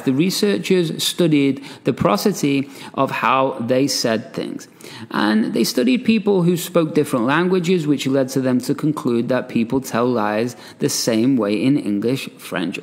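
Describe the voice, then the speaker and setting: A man's voice: medium pitch, a little slow, in a large hall. A man hosting a solo podcast, talking casually and reading an article aloud with chatty asides and frequent "right?". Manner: animated, chatty, laughs often, asides with "right?". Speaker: podcast host and coach.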